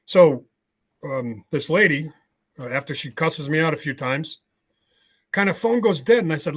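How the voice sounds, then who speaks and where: A man's voice: fairly high pitch, moderate pace, pauses often, slightly rough. An older American man, a podcast guest on a video call, telling his story bluntly with frequent fillers. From United States. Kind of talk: storytelling interview.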